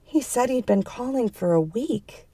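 A woman voicing a distraught, lonely divorced woman who turns shrill and pleading when upset. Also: lively intonation, measured pace, mellow, breathy edge, no room sound, exaggerated voice. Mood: hurt.

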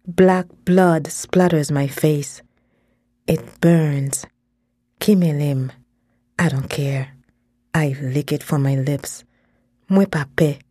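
A woman narrates a story in an unhurried, deliberate reading, her voice soft and mellow. She sits close to the microphone in a dry, dead room, slipping short foreign phrases into her steady first-person telling. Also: low-pitched, no room sound.

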